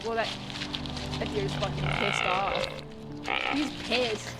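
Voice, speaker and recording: Young vtuber girl chatting w her stream, playful, swears a bunch, kinda slow talker, mid pitch. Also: huge pitch swings, vocal fry, loud music behind the voice. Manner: playful, laughs often, swears casually. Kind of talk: casual stream chat reacting to a video.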